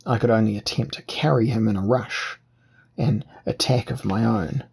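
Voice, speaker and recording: A man narrating an audiobook in a measured, deliberate reading. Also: medium pitch, steady tone, gravelly, breathy edge. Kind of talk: scripted narration.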